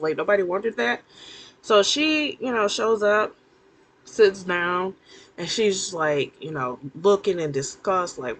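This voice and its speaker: A woman recaps a TV episode into her camera in a loose, chatty monologue. Her voice is husky and mid-pitched, and she sounds animated and incredulous, full of fillers and asides. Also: unhurried, low-quality recording.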